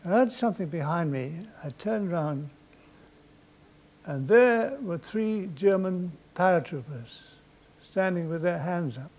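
An older man telling war stories on stage in a dry, deadpan manner. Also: sits high, takes it slowly. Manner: dry, deadpan anecdotal delivery. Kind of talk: live stage storytelling. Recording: faint noise, 1990s VHS tape.

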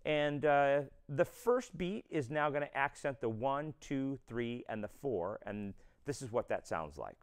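A man's voice: mid-range voice, animated, a little slow, hardly any pauses. A man teaching a drum lesson, explaining step by step and counting beats aloud. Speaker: drum instructor.

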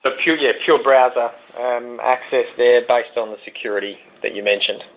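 An Australian man hosts a webinar question session in a chatty, hesitant way, full of fillers and repeated words. His voice comes through a tinny, phone-like line. His pitch sits in a middle range. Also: fairly even intonation, moderate pace. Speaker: webinar host. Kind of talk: hosting a webinar Q&A.

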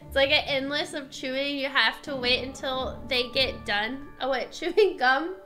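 Giggly high-voiced Texan woman streamer. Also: a little slow, pushed and bright, soft background music. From Texas. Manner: giggly, reads on-screen text aloud with stumbles. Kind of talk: casual game-stream commentary.

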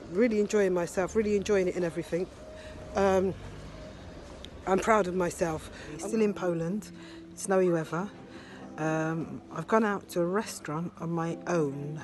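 A woman's voice: on the low side, a little mellow, slight background noise. Heartfelt woman in her fifties. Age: 50s. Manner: heartfelt, halting, many fillers. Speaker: video diarist. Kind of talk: personal video diary. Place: ski resort and restaurant abroad.

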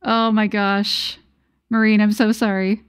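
A woman's voice: mid-range voice, flat delivery, unhurried, clear, resonant tone, no echo, clean studio sound. Bubbly, giggly woman streamer. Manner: bubbly, giggly, talks to chat. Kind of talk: casual livestream gameplay chat.

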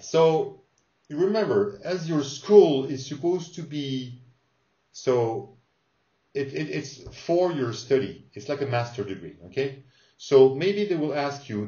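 A man teaching an English lesson, repeating phrases slowly and clearly for learners to copy. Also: medium pitch, warm tone. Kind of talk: English lesson with pronunciation drills. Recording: roomy, slightly dull sound.

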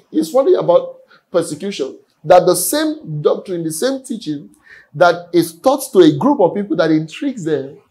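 A man's voice: sits high, dark tone, poor audio. A man preaching a sermon earnestly, often repeating his words. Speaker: pastor. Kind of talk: sermon teaching.

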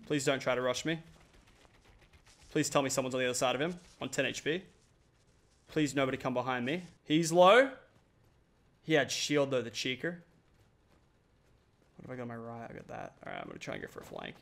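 A young man giving excitable, playful commentary over a mobile battle royale match. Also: medium pitch, vocal fry. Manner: excitable, quick reactions, playful trash talk. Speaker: gaming YouTuber. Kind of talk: gameplay commentary.

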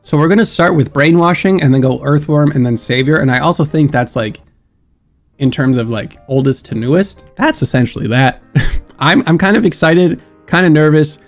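A young man with a stuffed-up nose, hosting a casual music reaction with excitable, musing commentary. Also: fairly high pitch, normal speed. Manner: excitable, laughs often, muses aloud. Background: faint music.

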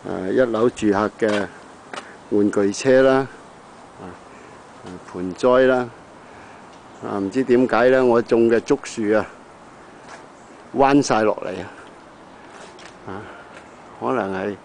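A middle-aged man casually narrating his own home video outdoors around his house, filling pauses with short "ah"s. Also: lowish voice, gravelly, a little mellow, a little hiss or hum, poor audio. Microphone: handheld camera.

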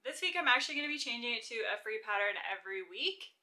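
A woman's voice: a little high, animated, fast, pushed and bright. A young woman vlogging casually as she crochets, chatty and self-deprecating, laughing often and counting stitches under her breath.

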